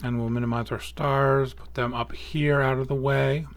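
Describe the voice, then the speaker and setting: A man hosting an astrophotography tutorial, talking casually through software steps and correcting small slips as he goes. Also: mid-range voice, normal speed, creaky. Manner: relaxed, thinking aloud with small slips and self-corrections. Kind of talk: casual screen-recorded software walkthrough.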